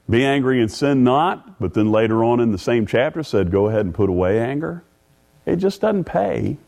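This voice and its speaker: A middle-aged man preaching a sermon in a folksy way, stumbling over repeated words and rising in pitch when reading scripture. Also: mellow. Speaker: pastor.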